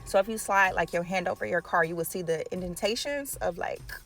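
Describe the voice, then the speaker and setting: A woman telling a story in a casual storytime vlog, animated and profane, acting out the people she quotes. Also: fairly low pitch, brisk, faint music behind. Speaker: nail art vlogger telling a story.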